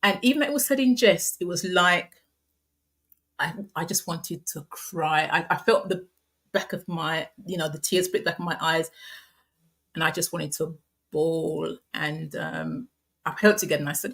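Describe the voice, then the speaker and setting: A middle-aged woman calmly recounting a painful personal experience, speaking softly with halting restarts and fillers. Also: low-pitched. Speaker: guest sharing a personal story. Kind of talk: candid personal storytelling.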